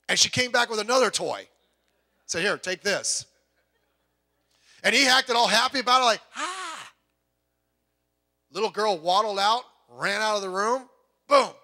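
A man preaching a sermon as pastor, animated, stumbling over restarts and acting out quotes, swinging between loud bursts and soft low asides.

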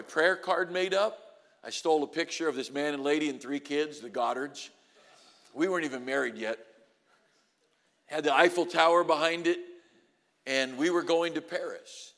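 A man preaching a sermon to college students and graduates, moving from quiet storytelling to loud, rising exhortation. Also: on the high side, in a large hall. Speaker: pastor.

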